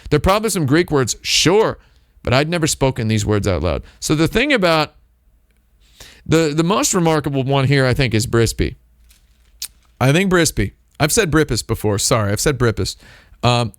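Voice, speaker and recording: Guy doing a rambly deadpan stream monologue, voice swings all over, super dry close mic. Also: moderate pace, no room sound. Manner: deadpan, playful with invented words, lively pitch swings. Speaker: streamer host.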